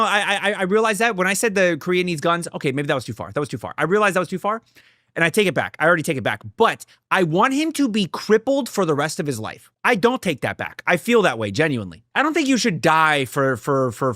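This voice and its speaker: In studio-quality sound with no room sound, a young reaction video creator responds to a drama series. His casual talk is packed with swearing, heated and emphatic, shifting from loud outbursts to low muttering.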